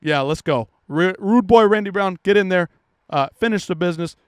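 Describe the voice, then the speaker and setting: A man's voice: high voice, normal speed, clean tone, no echo, studio quality. A man giving a brash, profane casual recap of fight results, trash-talking the fighters. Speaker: MMA commentary host.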